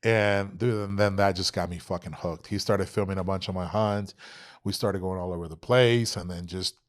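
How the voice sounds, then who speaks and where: Young man, podcast guest, lowish voice, swears freely, acts out the quotes in his stories. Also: normal speed. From Texas. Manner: animated, profane storytelling, acts out quoted dialogue. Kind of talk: casual storytelling interview.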